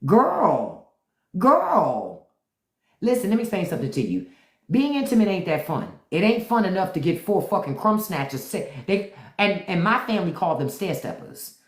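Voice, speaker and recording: A middle-aged woman hosting a live stream, chatting with viewers in a blunt, profane, animated way. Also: medium pitch, brisk, echoey room.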